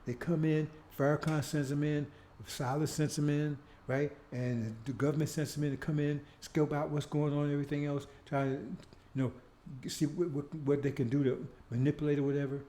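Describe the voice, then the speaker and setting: This preacher, who leads his own show, talks fairly quickly in a warm, fairly high voice with a level tone. His monologue is emphatic and repetitive, peppered with "See?" along with rhetorical questions and mocking asides.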